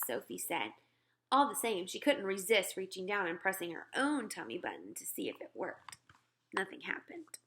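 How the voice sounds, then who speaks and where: Teacher lady reading a kids' book out loud, super expressive, voice goes up and down a lot. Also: lowish voice, moderate pace. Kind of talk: storybook read-aloud for children.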